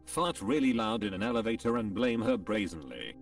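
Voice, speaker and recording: A man's voice: lowish voice, huge pitch swings, a little fast, vocal fry, recorded from a distance, soft background music. A man's computer-generated voice reading forum posts aloud, including the punctuation marks. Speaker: narrator reading online posts.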